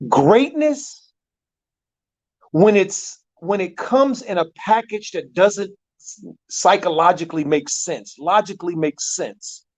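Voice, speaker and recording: A man, a basketball coach, telling a long story in an animated way, repeating words and using many fillers. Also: high-pitched, measured pace. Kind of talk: storytelling in a talk show. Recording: dull lo-fi sound.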